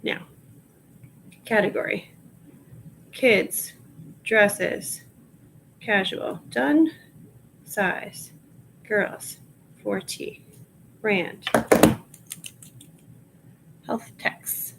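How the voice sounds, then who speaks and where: A woman with a Long Island accent talks slowly and casually at home, half-muttering and reading out loud to herself while she works. Her voice sits in a middle range, with a faint hiss of noise in the background. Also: medium pitch, animated, vocal fry, rough recording. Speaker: reseller listing items live. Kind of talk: casual livestream chat while working.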